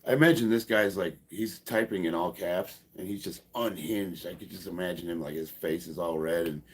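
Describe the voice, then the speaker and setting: Low-pitched man, husky voice, fifties, sarcastic streamer, swears often. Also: fairly even intonation, moderate pace. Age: 50s. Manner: profane, sarcastic, laughs often. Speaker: powerlifter streamer. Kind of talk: casual live stream chat.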